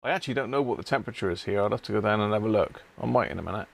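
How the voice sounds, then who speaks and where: A man's voice: lowish voice, rapid-fire, gravelly. A man hosting a casual live stream from his home workshop, chatting with viewers and greeting them one by one by name.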